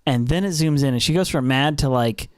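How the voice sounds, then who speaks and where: A man's voice: medium pitch, fairly quick, clear, resonant tone, no echo, clean studio sound. A young man co-hosting a casual podcast, recapping an anime episode with lots of fillers and restarts. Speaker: podcast co-host.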